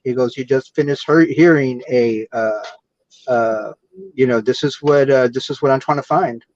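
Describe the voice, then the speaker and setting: Brief: man, halting fireside-style storyteller, dry lo-fi video-call sound. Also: mid-range voice, a little mellow, dry recording. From Texas. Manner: halting, full of "uh" fillers and restarts. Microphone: computer or phone mic on a video call. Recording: dull lo-fi video call audio.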